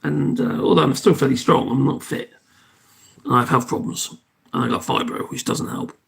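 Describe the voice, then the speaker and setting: A man's voice: medium pitch, normal speed, creaky, fairly bright tone. A man, hosting a casual live stream, chatting in a rambling way and thanking his viewers. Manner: rambling, chatty, self-interrupting; thanks viewers and signs off cheerily. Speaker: livestream host.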